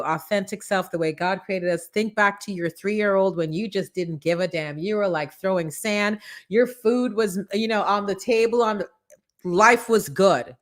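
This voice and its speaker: Hosting a live morning show, a woman with a mid-range voice gives an animated, preachy motivational talk filled with acted-out quotes.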